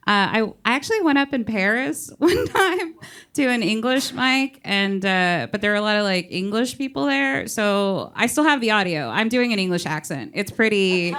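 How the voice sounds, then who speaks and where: A female comedian on a panel, talking in a bubbly, animated way with frequent laughs. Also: mid-range voice, moderate pace, smooth. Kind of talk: panel discussion.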